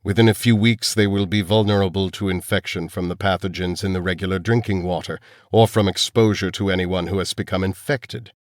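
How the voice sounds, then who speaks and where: A chilling old villain doctor, calm and unhurried, with a low, even menace, as an audiobook narrator puts him on. The voice sits deep and the recording is dry and close. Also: male voice, no room sound, close to an everyday voice. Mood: cold. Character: cold elderly male villain scientist.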